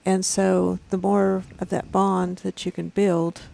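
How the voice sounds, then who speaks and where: A woman's voice: medium pitch, little pitch movement, takes it slowly, vocal fry, dark tone. A woman co-hosting a morning talk show, earnestly explaining things in plain words. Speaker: co-host. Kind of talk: casual chat.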